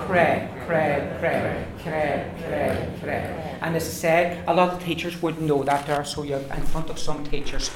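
A language teacher giving a classroom pronunciation lesson to a group of learners, repeating words over and over and explaining patiently. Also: medium pitch. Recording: very echoey room, far from mic, noisy.

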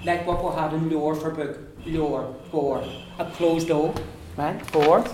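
A man teaching pronunciation in a classroom, repeating words slowly for his pupils. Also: fairly high pitch, steady tone, a little mellow, roomy sound, a little hiss or hum. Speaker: Irish language teacher.

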